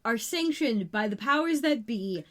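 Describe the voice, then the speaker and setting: A woman co-hosting a podcast, chatting casually as she recaps scenes of a TV episode with quick asides. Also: fairly high pitch, animated, a bit bright. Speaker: podcast co-host.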